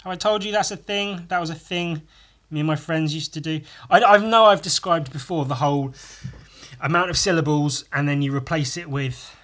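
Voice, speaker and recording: Crude, rambling man, slightly high voice. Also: normal speed, fairly bright tone. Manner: crude, profane, self-mocking humor; meandering, with many restarts and asides. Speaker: podcast host. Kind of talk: rambling solo podcast while drawing.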